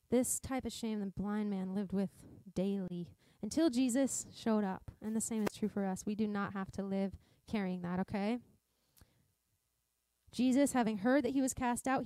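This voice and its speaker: A woman's voice: on the high side, warm tone, no echo. A woman from Montana preaching a sermon in a church service, earnest and conversational, often restarting her sentences. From Montana, USA. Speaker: pastor.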